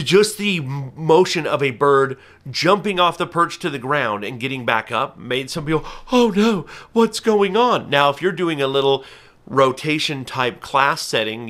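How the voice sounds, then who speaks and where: Everyday examples fill a falconer's careful, earnest explanation of his hobby as he talks casually to camera on his own channel. His voice is medium in pitch, bright, and forceful.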